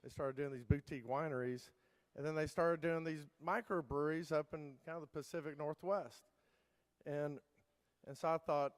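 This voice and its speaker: A man with a fairly high, smooth, clear voice tells his story from the stage in a keynote. He rambles, stops and starts over often. The sound carries a long hall reverb. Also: fairly even intonation, moderate pace. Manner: rambling, many fillers and restarts. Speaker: keynote speaker.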